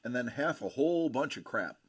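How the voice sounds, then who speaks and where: A man hosting a casual livestream, chatting in an animated, jokey way and greeting viewers by name. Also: mid-range voice, brisk, slightly rough, dry recording. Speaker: livestream host.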